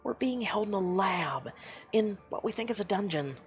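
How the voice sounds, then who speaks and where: A frightened, pleading mermaid held captive, high and strained, urging the listener to flee, voiced by a reader during a story game playthrough. The sound is dull and lo-fi, with faint music underneath. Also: expressive, normal speed, natural voice. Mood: urgent pleading. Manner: urgent, fearful warnings.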